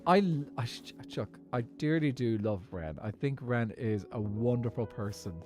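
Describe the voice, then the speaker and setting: A man's voice: medium pitch, expressive, normal speed, darkish tone, faint music behind. An Irish man streaming a game, chatting casually and thinking aloud to his viewers in a rambling way. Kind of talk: casual live-stream chat while gaming.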